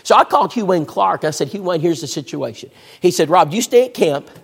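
A man's voice: sits high, a little fast, creaky, slightly rough. A man preaching a sermon, telling a story and acting out the voices of the people in it. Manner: animated, acts out voices in the story. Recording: echoey hall.

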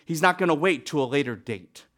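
A male preacher with a high, lively voice that leaps up and down in pitch. He delivers a sermon with big dramatic swings, punching some phrases loudly and dropping others to a hush. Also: brisk. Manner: animated, dramatic swings between loud emphasis and near-whispers.

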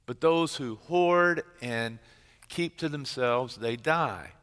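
A middle-aged man, a pastor preaching a sermon and retelling a story with dramatic swings from loud to hushed. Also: medium pitch, slow pace, clear, resonant tone, in a large hall. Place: church sanctuary.

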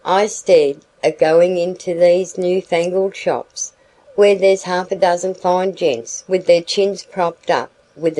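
Storybook peddler, young man, sly and flattering, rustic speech, read by a woman; unhurried, mellow. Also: fairly low pitch, poor audio. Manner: rustic dialect, wheedling flattery.

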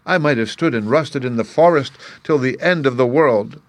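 A man voicing a gentle, tender-hearted tin man in a storybook, soft-spoken. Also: mid-range voice, moderate pace, dry recording, voice pushed up, lightly acted. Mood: wistful.

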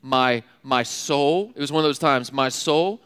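A young man giving a sermon as a youth speaker, telling funny stories in an animated, laughing way with casual slang. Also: medium pitch, measured pace, clean tone. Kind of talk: storytelling sermon. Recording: long hall reverb.

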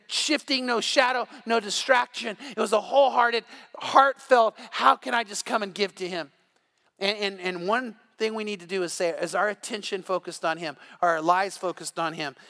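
An older man preaching an evening sermon as pastor, telling animated stories and often restarting his sentences. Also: high voice. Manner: animated storytelling with repeated restarts.

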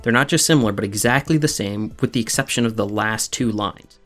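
A man hosting a podcast, explaining things methodically in a scripted teaching style and slowing down to stress key terms. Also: on the low side, fairly bright tone, faint music behind. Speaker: podcast host.

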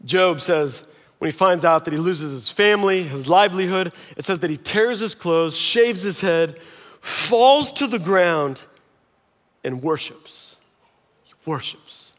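A middle-aged male pastor preaching a sermon in a conversational, animated way, at times dropping to quiet intensity. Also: high-pitched, unhurried, in a large hall.

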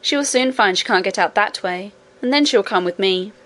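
A woman voicing a brave, practical young miner boy in a storybook reading, with brisk, matter-of-fact speech. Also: mid-range voice, fairly bright tone, lightly acted. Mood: plucky.

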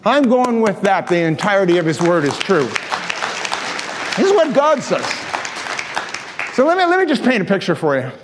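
A man's voice: sits high, wildly swooping pitch, normal speed, pauses often, a crowd in the background, background noise. A male pastor preaching a sermon with passion, firing rhetorical questions at his congregation. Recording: long reverb of a large hall.

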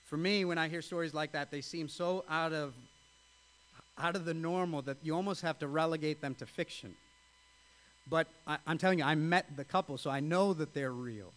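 Male pastor, slightly high-pitched, earnest sermon delivery with read-aloud passages. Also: normal speed, fairly bright tone. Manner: reads a story aloud, then speaks earnestly to the congregation.

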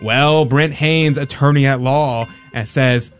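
A man's voice: medium pitch, fairly even intonation, slow, faint music behind. Playful male radio quiz host. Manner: playful, joking, upbeat encouragement. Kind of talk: game-show style quiz hosting on radio.

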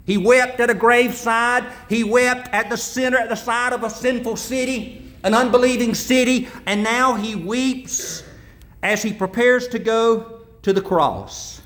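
A man's voice: very high voice, fairly even intonation, measured pace, fairly bright tone. A man preaching a sermon as pastor, earnest, repeating himself and restarting phrases.

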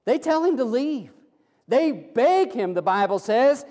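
A male pastor preaching a sermon, slowing into emphatic, pleading phrases. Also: sits high, expressive, warm tone, in a large hall. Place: church sanctuary.

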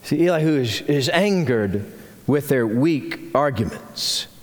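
A man preaching a sermon as senior pastor, telling the story in an animated way with frequent restarts. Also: medium pitch, measured pace, big-room sound.

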